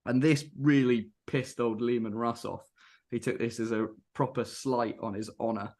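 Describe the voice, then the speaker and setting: A man's voice: medium pitch, fairly even intonation, normal speed, darkish tone. A man co-hosting a podcast, casually retelling game lore in a loose, sweary storytelling manner. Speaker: podcast co-host. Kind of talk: casual chat, reading out lore.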